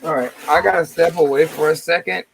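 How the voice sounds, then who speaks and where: A man's voice: on the high side, fairly even intonation, fairly quick, vocal fry, noisy background. A man with a Cajun accent hosting a livestream, chatting casually and rambling with crude jokes. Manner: rambling, joking, crude humor. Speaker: livestream host.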